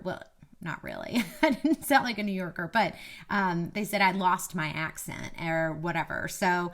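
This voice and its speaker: A Kentucky woman in her thirties with a mild Southern accent, a media coach and former TV reporter, gives casual, chatty tips to the camera with a self-deprecating streak. Her voice is on the low side and a bit bright, and she speaks at a measured pace.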